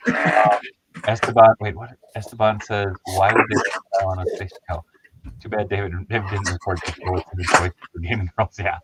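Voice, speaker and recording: A man's voice: on the low side, fairly even intonation, brisk, heavy background noise. A man hosting a casual chat about toys, rambling and laughing at himself. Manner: rambling, laughs often, self-deprecating. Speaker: host.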